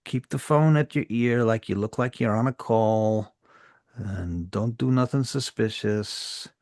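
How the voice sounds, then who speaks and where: A man playing a brisk, protective woman. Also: fairly low pitch, darkish tone, dry recording, clean studio sound, natural voice. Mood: urgent. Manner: urgent, reassuring, takes charge.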